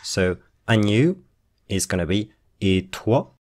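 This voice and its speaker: Slow, low-voiced teacher explaining grammar. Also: male voice, lively intonation, a little mellow. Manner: reads French lines then translates and explains them. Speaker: French teacher. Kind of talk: slow explanatory language lesson.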